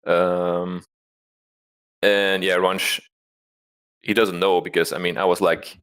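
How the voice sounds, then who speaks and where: Low-voiced self-deprecating trader. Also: male voice, level tone, slow pace, a bit bright, clean tone. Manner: self-deprecating, rambling with restarts. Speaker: interview guest, trader. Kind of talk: candid conversational interview.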